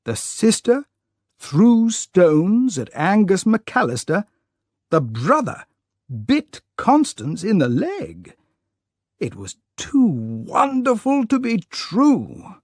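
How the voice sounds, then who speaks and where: A man narrating a humorous audiobook story for language learners, reading clearly and expressively. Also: high voice, huge pitch swings, slow pace, a little mellow, no echo, clean studio sound.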